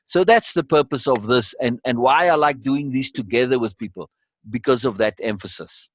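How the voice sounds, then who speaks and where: A man's voice: medium pitch, moderate pace, no echo. A man leading a course session in conversational teaching style, emphatic and repeating key words for weight.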